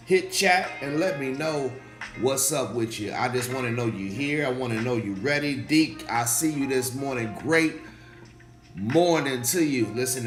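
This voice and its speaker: Slightly hoarse preacher, animated livestream host. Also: male voice, mid-range voice. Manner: animated, repeats phrases, calls out to chat viewers. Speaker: pastor hosting a faith livestream. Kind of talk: casual livestream preaching talk. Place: indoor room, livestream. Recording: echoey room with faint music.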